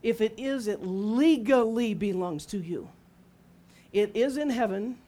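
A woman's voice: on the high side, measured pace, dark tone. Woman preaching with conversational humor. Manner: conversational, humorous storytelling with acted-out quotes. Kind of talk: sermon.

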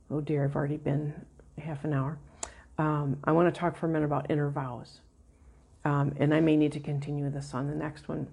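A woman with a low, gravelly voice gives a Christian teaching session. She tells a personal story in a relaxed, mellow way, with soft laughs along the way. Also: a little hiss or hum.

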